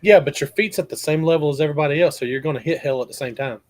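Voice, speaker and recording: A man's voice: fairly high pitch, racing, no echo. Wry man teasing his co-host. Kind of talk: casual chat.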